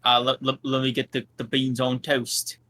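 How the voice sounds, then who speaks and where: A man's voice: mid-range voice, monotone, normal speed, sharp tone, voice pushed down. A man putting on an exaggerated fake British accent, playing a crude, cheeky bloke with overdone slang. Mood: cheeky mock.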